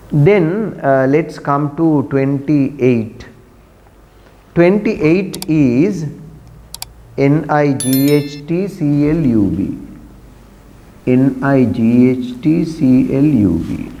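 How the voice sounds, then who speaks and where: A man's voice: mid-range voice, animated, in a large hall, highs cut off. A man teaching an English pronunciation lesson, repeating words and quizzing students in a classroom. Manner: drills words slowly, repeating them, asking students questions.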